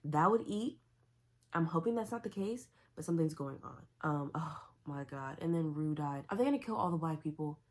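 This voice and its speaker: A woman's voice: deep voice, expressive, normal speed, darkish tone. A young woman talking casually and opinionatedly about books she is reading, full of "like" and asides. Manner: chatty, opinionated, lots of "like". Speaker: book vlogger.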